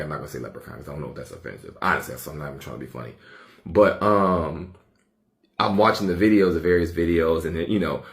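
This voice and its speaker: Guy, super low gravelly voice, rambling and pausing a lot. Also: fairly bright tone. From United States. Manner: rambling and hesitant, thinking aloud. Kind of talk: casual social media commentary.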